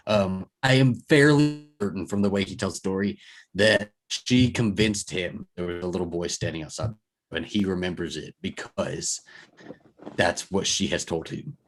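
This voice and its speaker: Rambling low-voiced male podcast host. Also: moderate pace. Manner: rambling, with frequent fillers and self-corrections. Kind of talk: casual chat, reading listener stories aloud.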